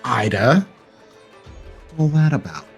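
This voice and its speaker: A man playing a tabletop game, joking along in a wry, playful way. His voice is at an ordinary pitch, with faint music playing behind him. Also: big pitch swings, unhurried, breathy edge. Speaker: player.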